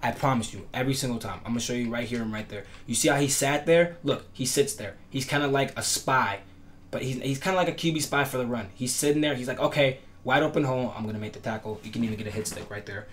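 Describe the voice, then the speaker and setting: A man's voice: medium pitch, quick pace, a bit bright. Guy walking through football game defense, voice kinda cracking, talks emphatic, bit of noise behind. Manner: instructive, repetitive, emphatic promises. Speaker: gaming tutorial creator. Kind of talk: casual gameplay tutorial.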